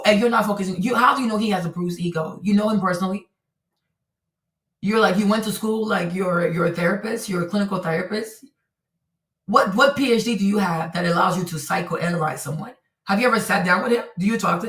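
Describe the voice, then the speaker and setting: Woman streamer, heated live-stream rant, bright voice a little off-mic in an echoey room. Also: mid-range voice, recorded from a distance. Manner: indignant, repetitive rhetorical questions.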